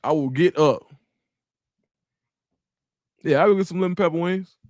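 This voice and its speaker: A young man with a drawl chats with his viewers on a livestream and reads their comments aloud. His voice sits a little high for a man. The sound is close and dry, with no room echo. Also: moderate pace. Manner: animated, talks to the chat, reads comments aloud. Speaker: livestream host. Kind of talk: casual livestream chat, reading comments.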